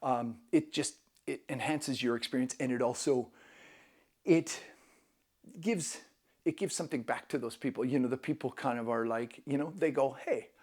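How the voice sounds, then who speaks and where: A man's voice: medium pitch, normal speed, darkish tone. A man hosting a travel vlog, giving casual travel tips in an enthusiastic, self-deprecating way.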